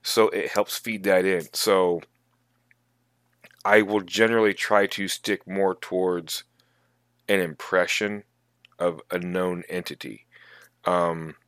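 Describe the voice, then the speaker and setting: A man co-hosting a tabletop gaming podcast, talking casually in a halting, thoughtful way with many restarts. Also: low voice, fairly even intonation, a bit bright, smooth, no room sound, studio quality. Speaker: podcast co-host. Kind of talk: casual chat.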